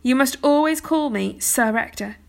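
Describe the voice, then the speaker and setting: A woman's voice: high-pitched, moderate pace, gravelly, a little mellow, voice pushed up. A woman doing a firm, kindly old lord. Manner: firm, authoritative. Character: firm but kindly older lord and father figure.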